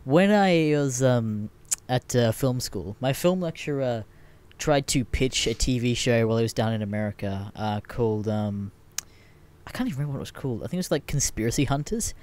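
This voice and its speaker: A man's voice: mid-range voice, expressive, a little fast, darkish tone. A young man hosting a casual podcast chat, rambling through stories with lots of fillers and swearing. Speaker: podcast host.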